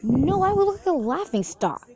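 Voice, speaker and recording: A woman voicing a sulky, grumpy boy camper who mutters flatly. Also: fairly low pitch, normal speed, close to an everyday voice. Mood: softened.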